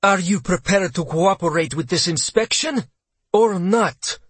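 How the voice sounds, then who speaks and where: A man's voice: fairly high pitch, expressive, moderate pace, fairly bright tone, husky, no room sound, pitched above the performer's own voice, exaggerated voice. A man reading an audiobook, voicing a cold, commanding female army colonel with a clipped, hard and contemptuous manner. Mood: harsh. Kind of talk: audiobook character voice.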